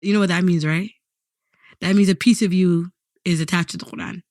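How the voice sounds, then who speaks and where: A woman's voice: fairly low pitch, steady tone, fairly quick, darkish tone, dry recording. Woman podcast host, dry close sound. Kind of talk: interview plus scripted narration.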